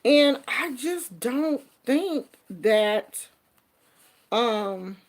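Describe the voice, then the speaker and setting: Speaking extremely slowly, a middle-aged woman vlogger reads out viewer comments during a casual livestream. Her delivery is lively and sassy, ranging from quiet murmurs up to loud outbursts.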